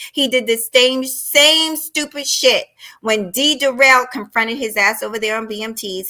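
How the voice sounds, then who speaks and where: A woman goes off in an angry rant during her live stream, addressing viewers head-on and confrontationally. Her tone is bright and a little high, and her language is blunt and full of profanity.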